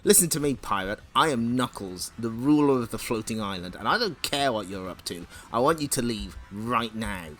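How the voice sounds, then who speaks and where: A man's voice: mid-range voice, expressive, normal speed, few pauses, fairly bright tone, natural voice. A man voicing a proud, territorial male echidna guardian from a comic, speaking firmly and commandingly. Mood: stern. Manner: firm, commanding.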